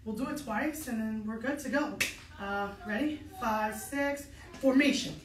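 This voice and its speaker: A woman instructor with a high-side voice leads an online step dance lesson a little slowly in a dance studio, her voice roomy and competing with loud music. Slightly out of breath, she stays upbeat, counts out beats aloud, and encourages her students.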